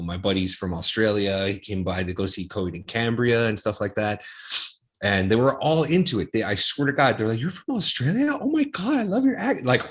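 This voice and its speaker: A man's voice: on the low side, a bit bright. A man co-hosting a podcast, telling a story in a laid-back, casual way with casual swearing. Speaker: podcast co-host. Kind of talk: casual chat.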